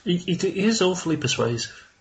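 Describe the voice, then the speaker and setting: A man's voice: sits high, big pitch swings, brisk. A man running a tabletop role-play game, prompting the players in a wry way.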